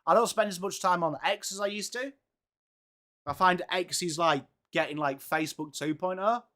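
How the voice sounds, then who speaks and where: A man hosting a live football watchalong, reacting excitedly and chatting with viewers by name. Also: sits high, moderate pace. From England. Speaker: live-stream watchalong host. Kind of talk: live sports reaction and chat.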